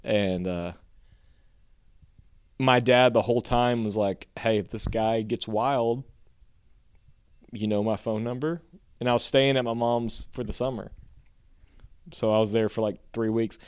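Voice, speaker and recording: A man co-hosting a podcast, telling a rambling, profane story in casual chat and getting animated when he quotes others. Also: on the low side, measured pace, pauses often, smooth, no room sound.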